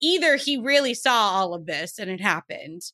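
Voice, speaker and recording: A woman's voice: medium pitch, big pitch swings, moderate pace, sharp tone, dry recording, studio quality. A woman co-hosting a podcast, talking through a film in an enthusiastic, analytical way with lots of fillers. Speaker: podcast co-host. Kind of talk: casual film discussion.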